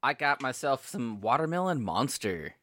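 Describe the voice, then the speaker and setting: A man's voice: mid-range voice, big pitch swings, moderate pace, a bit bright, dry recording. A man co-hosting a podcast, chatting casually with wry remarks. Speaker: podcast co-host. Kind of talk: casual chat.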